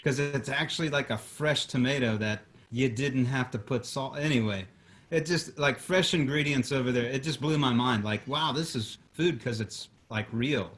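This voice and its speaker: A man's voice: medium pitch, normal speed, fairly bright tone. A man, a guest singer-songwriter, chatting casually over a video call, rambling with many restarts and fillers. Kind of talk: casual chat.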